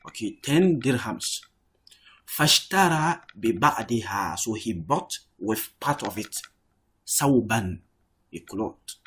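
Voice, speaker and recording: Homem rouco explicando árabe com calma. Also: male voice, on the low side, a little slow, breathy edge. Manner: explains patiently, repeats words, says "okay" often. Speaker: Arabic teacher. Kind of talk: online language lesson.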